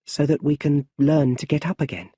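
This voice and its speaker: A man voicing a kindly old male butler in an audiobook story, with gentle, unhurried speech. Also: fairly high pitch, fairly even intonation, breathy edge, dry recording, clean studio sound, pitched above the performer's own voice.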